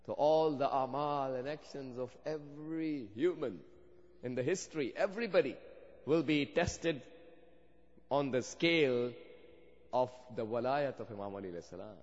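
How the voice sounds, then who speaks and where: Preacher with a long hall echo. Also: male voice, mid-range voice, a little mellow. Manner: storytelling, rising to fervent emphasis. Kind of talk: sermon. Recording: dull sound with long hall reverb.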